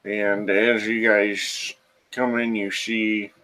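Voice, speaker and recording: Slow, low-voiced male game master. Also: flat delivery, bright, forceful tone, low-quality recording. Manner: unhurried, with frequent fillers. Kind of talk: narrating a tabletop game.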